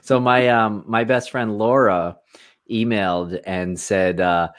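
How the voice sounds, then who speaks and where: A man's voice: on the low side, slow pace. A man co-hosting a podcast in casual, rambling chat full of fillers. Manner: relaxed, rambling with many fillers. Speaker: podcast co-host.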